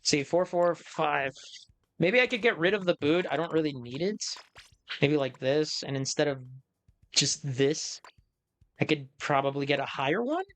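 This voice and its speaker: A man's voice: a little high, expressive, normal speed, a bit bright, no room sound. A man streaming a game, chatting casually and thinking aloud in a self-amused way. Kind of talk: casual live-stream commentary.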